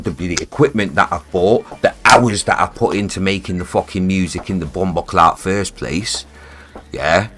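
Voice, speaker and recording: A man's voice: low voice, a bit bright. A man, streaming live from his home studio and ranting in a heated, sweary way that keeps repeating itself. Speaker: music producer streaming live. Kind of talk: casual livestream rant.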